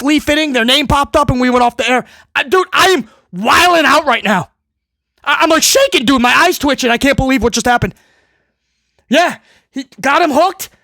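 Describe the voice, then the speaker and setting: A man's voice: very high-pitched, a bit bright, dry recording, pitched above the performer's own voice. A man doing a giddy, gushing wrestling fanboy. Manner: breathless, stammering, gushing. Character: overexcited young male wrestling fan, giddy.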